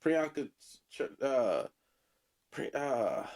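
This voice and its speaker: A man's voice: mid-range voice, big pitch swings, very slow, a little mellow. A man co-hosting a podcast in casual, playful banter, easygoing and hedging. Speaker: podcast co-host.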